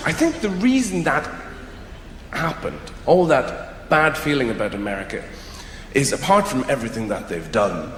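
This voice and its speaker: A man rambles through a dry, halting stand-up bit, his pitch swinging widely. He sounds echoey, as if in a large hall. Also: big pitch swings, slight background noise. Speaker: stand-up comedian. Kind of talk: stand-up comedy set.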